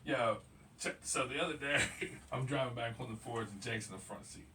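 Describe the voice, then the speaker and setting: Laughing a lot and cursing as he spins stories, a man hosts a casual podcast chat at a brisk clip. His pitch is medium, and the recording comes from a distant mic with faint noise.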